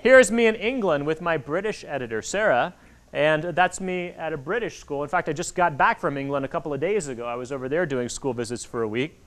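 A man in his forties giving an animated talk to children at a library, acting out the voices in his stories. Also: fairly high pitch, fairly quick. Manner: animated storytelling, acts out quoted voices. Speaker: author speaking to kids. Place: public library hall. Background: audience of children.

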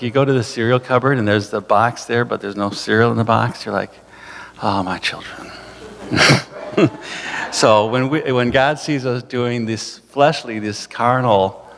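A man's voice: on the low side, vocal fry, a bit bright. A man preaching a sermon in a church, in a loose, conversational way with asides to the congregation. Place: church sanctuary. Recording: hall reverb from a church.

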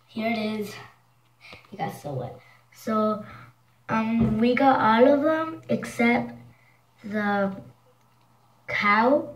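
A woman chatting casually to her viewers in a vlog, excitable and quick to exclaim in disgust. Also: medium pitch, echoey room, recorded from a distance, slight background noise, low-quality recording. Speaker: vlogger.

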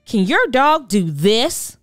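A woman voicing a confident, cheerful young boy with a bright, upbeat manner in a children's storybook. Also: fairly high pitch, big pitch swings, slow, no room sound, clean studio sound, soft background music, pitched above the performer's own voice, full character voice. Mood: proud.

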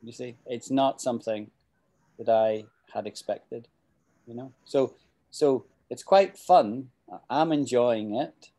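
A man's voice: mid-range voice, slow, dark tone. A middle-aged man with a Scottish accent, teaching English in a chatty, rambling way with frequent restarts. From Scotland. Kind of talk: casual spoken English lesson.

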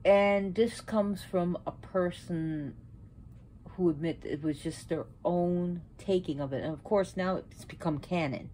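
A woman with a low, unhurried voice talks through old myths at home, drifting off topic and catching herself. A faint hum of room ambience sits behind her. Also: mellow. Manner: rambling, self-correcting, with sudden outbursts. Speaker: pagan video host. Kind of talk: casual talk about mythology while arranging an altar.

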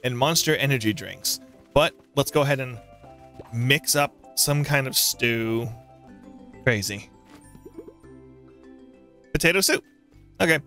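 A man's voice: mid-range voice, lively intonation, slow, long pauses, sharp tone, soft background music. A man hosting a let's play, joking sarcastically and reading game dialogue aloud in mocking voices. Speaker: gaming channel host.

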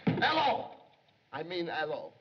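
An actor playing an excitable young male police secretary who longs to be a detective, in 1930s film acting, jumpy and pleading. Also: on the high side, normal speed, very noisy. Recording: dull 1930s film soundtrack.

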